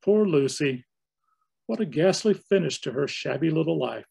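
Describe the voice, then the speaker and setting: A man reading a spiteful noir widow, gravelly. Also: a little high, lively intonation, moderate pace, a little mellow, voice pushed up, full character voice. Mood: cool spite.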